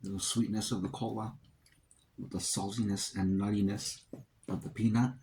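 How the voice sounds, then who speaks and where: A man's voice: fairly low pitch, flat delivery, moderate pace, gravelly, darkish tone, a little hiss or hum, low-quality recording. A man vlogging a casual mukbang, rambling and talking to himself between bites.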